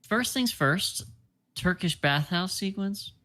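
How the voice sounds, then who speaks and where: A man's voice: high voice, animated, takes it slowly, sharp tone. A man co-hosting a casual film review podcast, talking loosely with lots of filler and freely griping. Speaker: podcast co-host film critic.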